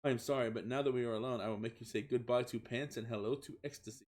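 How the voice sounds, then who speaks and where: A man's voice: mid-range voice, steady tone, fast talker, a little mellow, close to an everyday voice. Garfield the macho cat, read out by a man. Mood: smug. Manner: stilted, broken-grammar boasting. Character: boastful macho male cartoon cat, smug hero.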